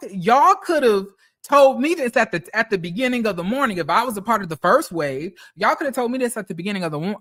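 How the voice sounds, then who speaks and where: A streamer with a very high, sharp-toned voice rants in exasperation. His casual storytelling rant is profane and repeats phrases.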